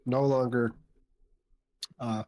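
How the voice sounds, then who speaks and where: Woman doing a gruff giant barbarian. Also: a bass voice, fairly even intonation, slow pace, a little mellow, slight background noise, voice pushed down. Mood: steady. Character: giant gruff barbarian warrior, calm and blunt. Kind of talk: voicing a tabletop character.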